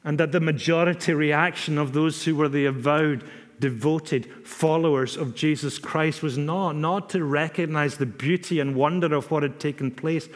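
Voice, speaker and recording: A man preaching a sermon in a measured, emphatic way, repeating phrases for stress. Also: a little high. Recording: long reverb of a hall.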